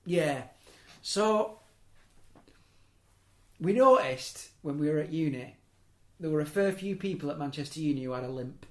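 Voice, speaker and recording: A young podcast host with a slightly high, animated voice tells long, rambling stories in casual chat, speaking a little slowly and pausing often. He breaks off mid-sentence and adds chuckling asides, and the room is echoey.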